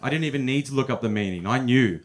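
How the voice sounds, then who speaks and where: A man's voice: medium pitch, quick pace. A young man telling stories in a stand-up set at a comedy club, often chuckling at his own punchlines.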